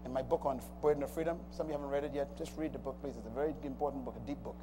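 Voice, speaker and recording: A man's voice: medium pitch, fairly even intonation, very fast. A man preaching a sermon, emphatic and calling out to the congregation. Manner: emphatic call-and-response preaching. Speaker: pastor. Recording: long hall reverb, faint noise.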